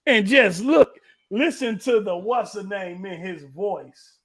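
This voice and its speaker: A man hosting a gaming livestream in a relaxed, profane, running commentary as he sets things up. His voice sits a bit higher than most men's. The sound is close and dry, with no room around it. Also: slow, dry recording. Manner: loose, profane, talks while fiddling with clips. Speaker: livestream host. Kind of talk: casual livestream chat.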